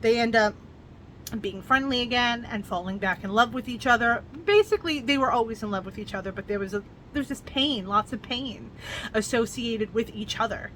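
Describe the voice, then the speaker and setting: A woman's voice: on the high side, expressive, normal speed, fairly bright tone, slight background noise. A woman talking through a novel's plot in a casual book review vlog, earnest and emotional as she retells it.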